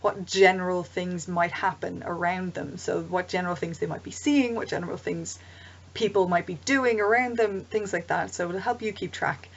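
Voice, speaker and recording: A woman's voice: on the low side, steady tone, moderate pace. A woman giving casual, chatty advice to game masters, rambling into asides with plenty of ums. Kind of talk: casual explanatory vlog. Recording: dull lo-fi home recording.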